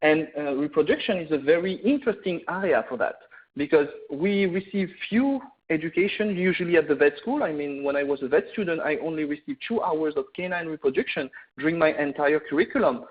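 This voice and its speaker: A middle-aged man from France with a French accent, giving a veterinary webinar lecture in an earnest manner, often pausing with "uh" and restarting. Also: fairly high pitch. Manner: earnest, many "uh" fillers and restarts. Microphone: video call or webinar mic. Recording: tinny phone-like webinar audio.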